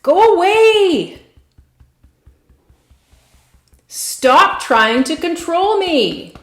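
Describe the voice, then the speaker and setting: A woman speaking as a defiant inner child, stubborn and petulant. The voice sits high and leaps around in pitch, each line drawn out slowly. It rings in an echoey room. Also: big pitch swings, a bit bright, exaggerated voice. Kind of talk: guided tapping script, spoken defiantly.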